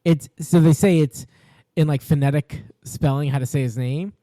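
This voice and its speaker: A man co-hosting a casual podcast chat, jokey and animated, tripping over his words when excited. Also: a little high, moderate pace, no echo. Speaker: podcast co-host.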